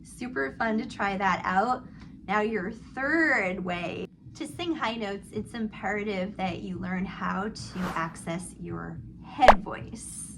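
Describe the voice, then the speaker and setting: Speaking slowly with vocal fry in a mid-range voice, a middle-aged woman coaches a singing lesson against a noisy background. She sings vowel exercises, modeling slides and sighs, then calmly talks through the technique.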